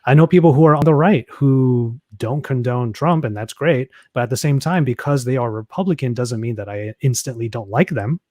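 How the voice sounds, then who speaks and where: A man from the United States co-hosting a podcast, telling stories in an expressive way and laughing as he talks. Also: medium pitch, fairly quick, few pauses, dry recording, studio quality. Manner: storytelling, expressive, laughs while talking. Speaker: podcast co-host. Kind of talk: casual chat.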